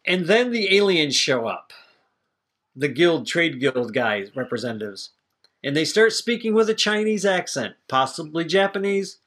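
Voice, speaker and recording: A man's voice: on the high side, big pitch swings, moderate pace, a bit bright. A man co-hosting a podcast, chatting casually and opinionated about a movie, rambling and swearing freely. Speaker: podcast co-host. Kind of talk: casual movie review chat.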